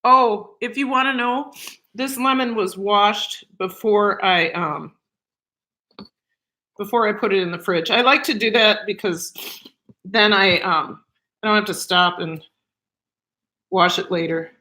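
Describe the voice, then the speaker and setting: A woman's voice: mid-range voice, a little slow, pauses often, bright, forceful tone, reverberant, low-quality recording. A woman talking casually to camera in her home kitchen, gushing and emotional as she eats. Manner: gushing and emotional, talks while eating. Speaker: cooking vlogger.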